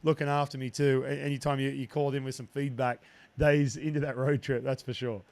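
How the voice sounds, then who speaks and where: A man's voice: medium pitch, little pitch movement, fairly quick, darkish tone. A man in his thirties hosting a podcast, chatting with enthusiasm and frequent restarts. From Australia. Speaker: podcast host, broadcaster. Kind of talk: casual interview chat.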